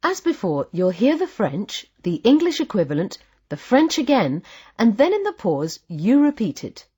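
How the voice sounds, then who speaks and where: A woman narrating a language lesson with a clear, patient teaching delivery. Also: mid-range voice, sing-song, moderate pace, mellow. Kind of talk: scripted instructional narration.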